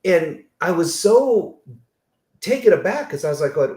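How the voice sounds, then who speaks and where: A man hosting an interview, telling stories in an animated way and acting out the people he quotes. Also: fairly high pitch, normal speed, roomy sound. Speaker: host. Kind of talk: conversational interview.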